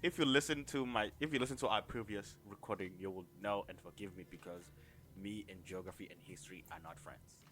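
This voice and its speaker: A man co-hosting a podcast in casual chat, excitable and jokey, swinging between loud outbursts and low mutters. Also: a little fast. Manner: excitable, jokey, big swings in pitch and loudness. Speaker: podcast co-host.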